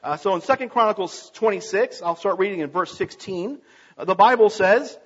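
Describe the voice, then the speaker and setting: Male preacher reading and expounding scripture, husky high voice, dull lo-fi recording. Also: moderate pace, big-room sound. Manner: earnest, reading aloud with small slips and restarts.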